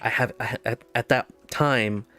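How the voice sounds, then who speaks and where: A man's voice: mid-range voice, steady tone, measured pace, bright, forceful tone. A man telling a casual story over gameplay, laughing often and restarting his sentences.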